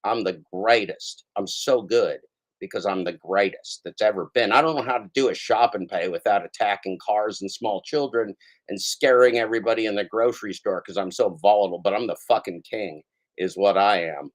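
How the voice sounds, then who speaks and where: A man's voice: lowish voice, moderate pace, natural voice, rough recording. A man doing a mocking impression of a vain, boastful man who brags in exaggerated tones. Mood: preening.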